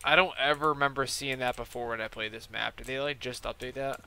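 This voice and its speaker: A man's voice: medium pitch, steady tone, fast talker, pushed and bright, smooth. A young man streaming a game, chatting casually in a rambling, profane way full of fillers. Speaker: gaming streamer. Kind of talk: casual chat while playing a game.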